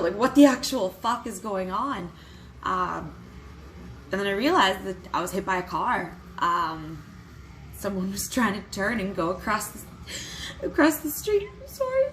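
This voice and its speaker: A young adult woman telling a personal story to camera in a vlog, candid and quick to swear, with nervous little laughs. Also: medium pitch, pushed and bright, slight background noise, rough recording. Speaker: vlogger.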